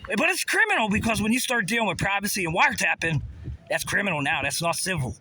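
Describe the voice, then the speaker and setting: A man's voice: sits high, expressive, fast, pushed and bright, a little hiss or hum. A man delivering a rambling, profane, conspiratorial monologue, often asking rhetorical questions. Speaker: vlogger.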